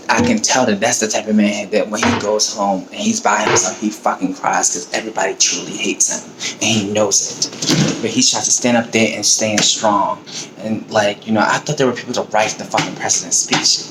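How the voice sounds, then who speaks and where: A man's voice: fairly low pitch, steady tone, normal speed, very noisy. A man on his own video giving a heated, profane, emotional rant about politics. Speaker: vlogger. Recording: roomy echo, faint ambience.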